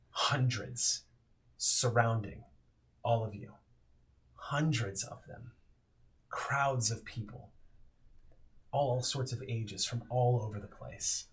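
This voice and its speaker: A man running a tabletop role-playing game as game master, narrating slowly and descriptively with pauses. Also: medium pitch. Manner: slow, descriptive storytelling with pauses.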